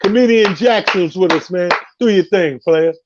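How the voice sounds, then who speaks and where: Male host, casual hype man, slightly high voice, muffled lo-fi audio. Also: normal speed, heavy background noise. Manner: hypes up the guest, laughs easily. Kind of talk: casual chat. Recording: dull lo-fi audio.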